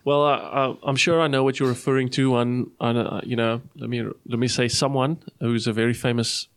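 A man in a casual Bible discussion, speaking in a measured, hesitant way. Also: medium pitch, little pitch movement, no echo.

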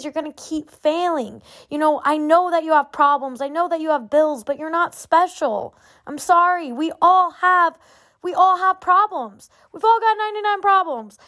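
High-voiced woman giving a fired-up pep talk. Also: a bit bright. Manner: emphatic, repetitive, fired-up preaching. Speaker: motivational speaker.

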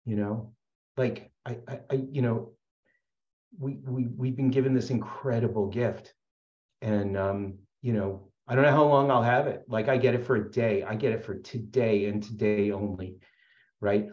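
A man with a lowish voice shares his story at a support meeting, talking in an earnest, rambling way full of fillers and restarts. The sound is dull and lo-fi, and it echoes in a roomy space. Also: moderate pace, darkish tone. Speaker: speaker sharing at a recovery meeting.

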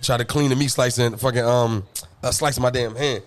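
A man telling stories in a casual chat, animated, with loud high bursts and low mutters, laughing often. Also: brisk. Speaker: podcast co-host.

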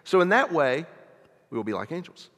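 Animated man preaching in a reverberant hall. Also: on the high side, brisk. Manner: conversational preaching, rhetorical questions. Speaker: pastor. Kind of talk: sermon. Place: church sanctuary. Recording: long reverb of a church hall.

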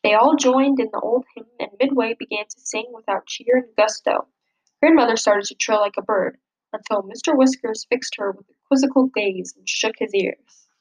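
A woman reading a children's picture book aloud, gently expressive and lifting her voice for the characters' lines. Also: a little high, normal speed, rough recording. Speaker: storybook reader.

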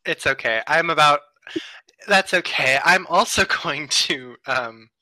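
A man's voice: a little high, a little slow, pushed and bright, no echo, rough recording. A young man from the United States, co-hosting a casual podcast chat with a jokey, self-mocking manner. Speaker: podcast co-host.

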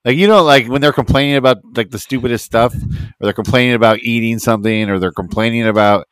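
A man's voice: mid-range voice, fast talker, clear, resonant tone, dry recording. Man, podcast co-host, easygoing chatty delivery, dry close mic. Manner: relaxed, laughs often, fills with "you know what I mean". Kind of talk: casual chat.

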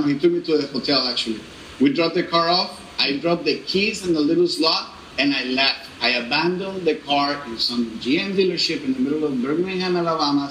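High bright-voiced man telling a testimony. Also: a little hiss or hum. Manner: animated, laughing, halting restarts. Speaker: speaker giving a personal testimony. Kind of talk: storytelling testimony. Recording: echoey room with faint ambience.

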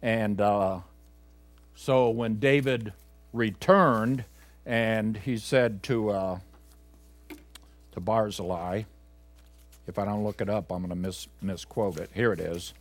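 A male pastor preaching a sermon to his congregation. He swings between loud, emphatic exhortation and quiet, low asides, talking conversationally with fillers and self-corrections. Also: slow, pauses often.

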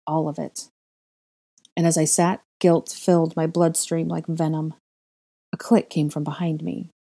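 A woman narrating a story in the first person, with a measured, soft reading pace. Her voice is low for a woman and mellow, with a dark, unhurried tone. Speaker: fan fiction reader.

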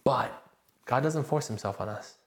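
Male pastor, mid-range voice, animated self-deprecating preacher, roomy church acoustics. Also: mid-range voice, normal speed. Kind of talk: sermon with personal story.

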